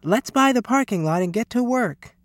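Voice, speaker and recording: Man doing a brisk teacher lady, decisive, bouncy up-and-down delivery, dry room. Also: mid-range voice, very animated, dry recording. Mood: animated.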